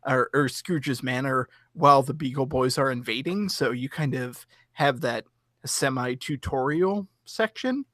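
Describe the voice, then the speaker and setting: A man's voice: mid-range voice, measured pace, a bit bright, dry recording, studio quality. A man co-hosting a podcast, chatting casually and explaining details with lots of fillers. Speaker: podcast co-host. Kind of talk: casual chat.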